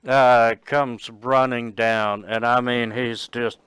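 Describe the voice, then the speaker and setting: A man runs a tabletop adventure as game master, drawing his narration out very slowly with pauses and fillers. His voice is clear and smooth, recorded dry and close. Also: mid-range voice, level tone, a bit bright, no room sound. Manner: slow, halting narration with fillers.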